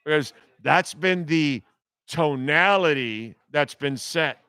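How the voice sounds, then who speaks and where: A man's voice: fairly high pitch, animated, slow pace, sharp tone, clear, resonant tone, no echo. Male sports talk host, blunt and sarcastic, dry close-miked sound, clean resonant tone. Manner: blunt, sarcastic, profane ranting.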